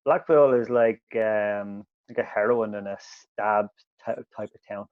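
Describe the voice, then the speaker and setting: A man, co-hosting a podcast and telling animated, sweary stories in casual chat. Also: fairly low pitch, unhurried, no room sound, narrow, tinny audio. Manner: animated storyteller, swears freely. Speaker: podcast co-host.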